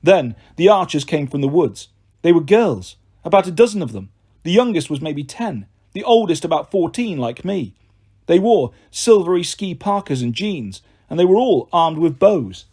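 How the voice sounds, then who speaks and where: Male audiobook narrator, lively pitch, husky tone, slightly high. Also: moderate pace. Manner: expressive storytelling.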